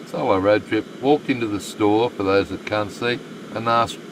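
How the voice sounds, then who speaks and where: Brief: Australian male streamer, deep and slow, casual chatty asides, air conditioning hum behind. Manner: chatty, muttering asides to the game. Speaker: game streamer. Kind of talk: live stream commentary, reading chat.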